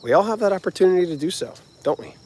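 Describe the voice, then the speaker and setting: A man's voice: high-pitched, lively intonation, racing, darkish tone, slight background noise. A man with a New Jersey accent, hosting a live motivational talk in a rambling, earnest, conversational way. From New Jersey, United States. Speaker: music channel host.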